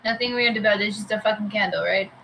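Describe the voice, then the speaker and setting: A woman playing a tabletop game, speaking in a relaxed, blunt way. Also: mid-range voice, quick pace, vocal fry, slight background noise, poor audio. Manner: relaxed, blunt, some swearing. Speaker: player. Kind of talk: casual tabletop play.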